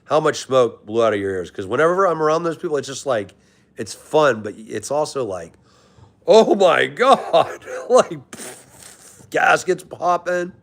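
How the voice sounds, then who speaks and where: A man's voice: medium pitch, lively intonation, normal speed. A young man hosting a live stream, casually greeting chatters by name and calling them brother. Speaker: livestream host reading chat.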